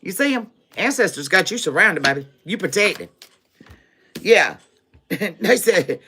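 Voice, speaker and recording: A woman's voice: mid-range voice, animated, a little slow, pauses often, pushed and bright, husky. A woman giving a live-streamed tarot reading, laughing often, repeating phrases for emphasis and calling her viewers baby. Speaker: tarot reader.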